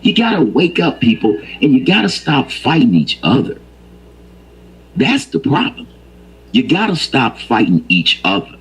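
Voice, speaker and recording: A man's voice: mid-range voice, huge pitch swings, a little slow, breathy edge, rough recording. An older man telling stories and ranting in a casual, profane, emphatic way. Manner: profane, emphatic, rises to heated preaching. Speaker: storyteller. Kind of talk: casual storytelling rant.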